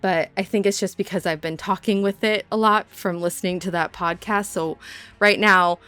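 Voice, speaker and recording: A woman's voice: mid-range voice, fairly even intonation, moderate pace, a bit bright, smooth, dry recording, soft background music. A young woman from Southern California with a slight Minnesotan twang, chatting casually and rambling over her game build in a self-deprecating way.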